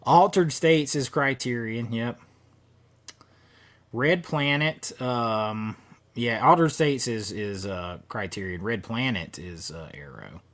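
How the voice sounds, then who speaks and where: A man's voice: mid-range voice, animated, slow, fairly bright tone. A man hosting a casual horror movie livestream, chatting with viewers and rambling with fillers and restarts. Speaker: livestream host. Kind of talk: casual live chat reading viewer comments.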